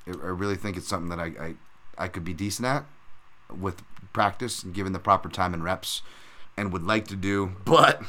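A man's voice: sits low, fairly quick, pushed and bright. A man hosting a podcast, recapping fights in a casual, rambling way and calling his listeners folks. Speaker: podcast host.

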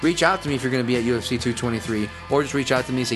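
A man's voice: mid-range voice, expressive, very fast, music in the background. A man hosting a solo podcast, rambling casually, swearing freely and restarting his sentences. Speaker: podcast host, fight analyst.

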